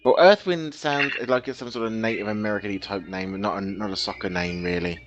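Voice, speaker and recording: A man's voice: lowish voice, a little fast, highs cut off, over music. A man on a fan podcast panel talking casually and reasoning his answers aloud.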